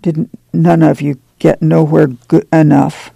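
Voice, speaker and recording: Brief: male reader as a calm farm mother, patient and plain, gravelly and mellow. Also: fairly high pitch, measured pace, dry recording, heavily acted. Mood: calm firm. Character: calm, steady mother of a poor family.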